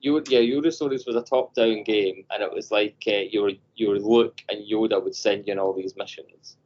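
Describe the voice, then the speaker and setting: A man co-hosting a podcast over a video call, telling animated stories and acting out voices. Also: fairly low pitch, normal speed, lo-fi sound. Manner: animated storyteller, acts out voices. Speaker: podcast co-host. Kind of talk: casual chat.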